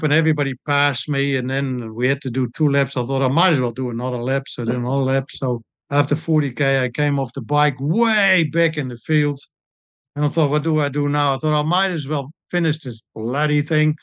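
A man's voice: mid-range voice, a little fast, dry recording. Older New man, dry close sound. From New Zealand. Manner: relaxed, anecdotal, frequent ums. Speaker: interview guest, sports doctor and coach. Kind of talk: casual storytelling interview.

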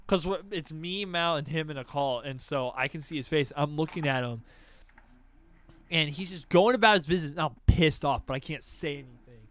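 A young adult man hosting a casual podcast chat, telling animated stories and swearing freely. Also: on the high side, normal speed. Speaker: podcast host.

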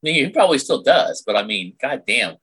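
A man's voice: medium pitch, very animated, fast, a bit bright, slightly rough. A middle-aged man chatting as a podcast guest over a video call, blunt and crude with plenty of jokes. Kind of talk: casual podcast chat.

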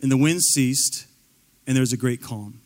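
A man preaching a sermon in a casual, conversational way, climbing to near-shouts and dropping to soft tones, with playful asides. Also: medium pitch, normal speed. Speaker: pastor.

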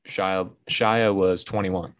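A man co-hosting a casual movie podcast, reading out quiz questions in a relaxed way. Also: low-pitched, takes it slowly, no echo, clean studio sound. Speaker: podcast co-host.

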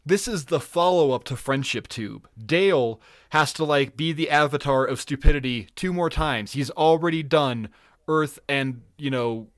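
Brief: higher-pitched male podcast co-host, excitable and foul-mouthed, dry close mic. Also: moderate pace, dry recording. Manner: profane, excitable, laughs often. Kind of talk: casual episode recap.

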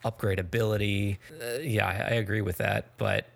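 A man hosting a casual group chat, chatty and quick to laugh. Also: on the low side, fairly even intonation, gravelly. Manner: chatty, laughs often, loose restarts. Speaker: podcast host.

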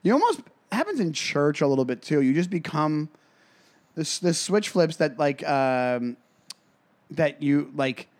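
A male comedy podcast co-host with a slightly raised voice, riffing quickly from one joke to the next. He chats loosely and laughs often between bits. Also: on the high side, big pitch swings. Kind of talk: casual comedic chat.

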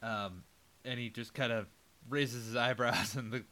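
Man, podcast co-host, bright sharp tone, rambling plot recap, fillers, quick quoted asides. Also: mid-range voice. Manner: rambling, many fillers, acts out characters' lines. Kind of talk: casual movie recap chat.

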